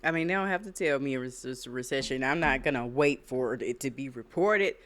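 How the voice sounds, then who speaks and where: A woman's voice: a bass voice, animated, moderate pace, fairly bright tone. A woman hosting reaction commentary, emphatic and preachy, repeating her points. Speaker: reaction channel host. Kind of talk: casual commentary.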